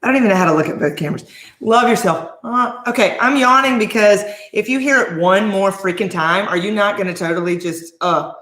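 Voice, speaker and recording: A woman in her forties talks straight to camera as a life coach, lively and emphatic, throwing out rhetorical questions. Her voice sits at a middling pitch, and the recording carries a roomy echo. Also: a little fast. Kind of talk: motivational talk to camera.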